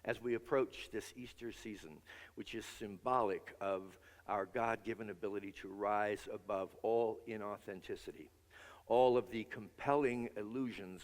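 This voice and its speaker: A man preaching a sermon as minister, earnest, leading his congregation in spoken affirmations. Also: fairly low pitch. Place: large church sanctuary. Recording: long hall reverb.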